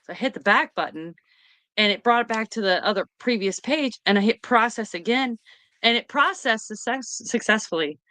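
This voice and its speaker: A woman, hosting a casual chat and retelling a story in an excited, rambling way. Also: on the high side, moderate pace, no echo. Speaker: host.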